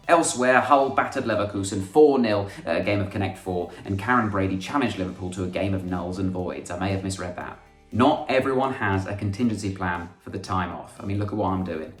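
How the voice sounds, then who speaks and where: A young man delivers a scripted comedy rundown in a dry, sarcastic tone, breaking now and then into mock-dramatic outbursts. His voice sits a little low. The recording has a noticeably roomy echo, with soft music playing behind him. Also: recorded from a distance. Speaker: comedian host. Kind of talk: scripted comic monologue. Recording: echoey room with faint music.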